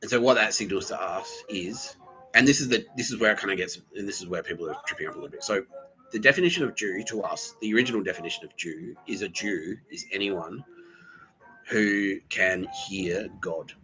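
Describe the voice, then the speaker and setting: A man hosts a podcast in a rambling, swearing comedic monologue, stumbling through restarts and fillers. His voice sits a bit low but sounds bright and forward, with faint music underneath. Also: a little fast, poor audio. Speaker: podcast host.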